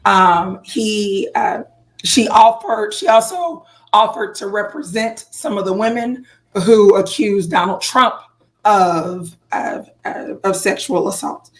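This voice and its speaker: A woman co-hosting a casual podcast chat, voice going hoarse, animated with playful exaggerated reactions. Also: medium pitch, slow pace. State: losing her voice. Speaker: podcast co-host.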